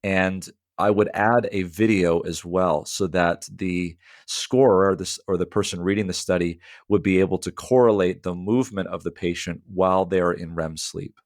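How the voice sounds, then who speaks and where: A man's voice: deep voice, fairly even intonation, normal speed, hardly any pauses, no room sound, clean studio sound. A man, a sleep medicine doctor, explaining clinical matters in a radio interview, with frequent fillers.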